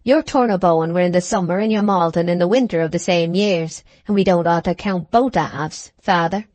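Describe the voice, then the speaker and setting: A woman's voice: lowish voice, moderate pace, darkish tone, no room sound, natural voice. A woman reading the part of the maltster's elderly, bent son in an audiobook, plainspoken and correcting. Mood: plain.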